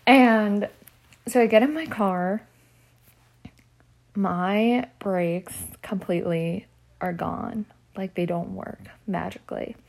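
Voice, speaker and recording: Young woman, vlogger, casual storytelling, heavy "like" filler, emotional delivery, mid pitch. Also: slow pace, vocal fry, pauses often. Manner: chatty, fills speech with "like"; animated and emotional while retelling. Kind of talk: personal storytelling monologue.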